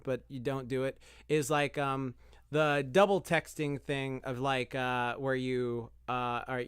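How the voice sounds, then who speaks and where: A man's voice: mid-range voice, clear, resonant tone, dry recording, clean studio sound. A man casually giving dating advice on a podcast, rambling and swearing, acting out imagined messages in a raised voice. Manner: rambling, swears, acts out quoted texts in a raised voice. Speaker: podcast co-host.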